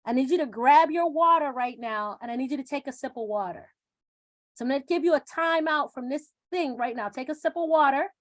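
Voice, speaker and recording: High-voiced woman coaching a live exercise. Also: animated, a little fast. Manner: coaxing, repeats phrases for emphasis. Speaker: self-confidence coach. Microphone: video call.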